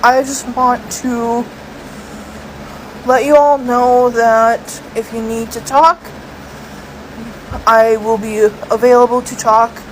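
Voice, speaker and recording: A woman speaking in a gentle, consoling way. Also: a little high, steady tone, takes it slowly, long pauses, a little hiss or hum, rough recording.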